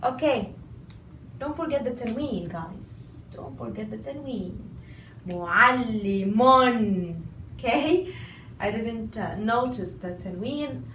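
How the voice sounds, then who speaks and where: A woman teacher with a fairly high voice talks slowly and patiently through a lesson, repeating words and stressing each syllable. She sounds a little far from the mic, in an echoey room with faint background hiss. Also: animated, a little mellow. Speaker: language teacher. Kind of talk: recorded lesson explanation.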